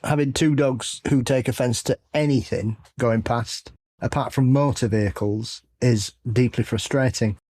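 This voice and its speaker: A man's voice: medium pitch, fairly even intonation, unhurried, hardly any pauses, darkish tone. A man from England with an English accent, co-hosting a podcast with wry, self-mocking banter. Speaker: podcast co-host. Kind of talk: casual podcast chat.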